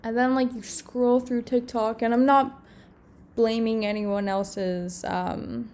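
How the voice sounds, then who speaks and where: A young woman who creates content sits alone in her room on the verge of tears, rambling through a confessional vlog full of fillers. Her voice is a little high and a little mellow, level in tone, and she takes it slowly.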